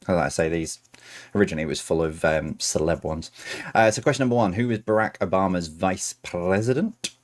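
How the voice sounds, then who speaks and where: Male quiz host, lowish voice, reads questions and cracks self-deprecating jokes. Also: a little fast. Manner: chatty, self-mocking asides between questions. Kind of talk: reading quiz questions on a stream.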